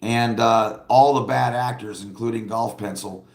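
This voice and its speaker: A man's voice: mid-range voice, steady tone, a little slow, reverberant. A man hosting a casual livestream, chatting bluntly and rambling, laughing often and reading viewer comments aloud. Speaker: livestream host.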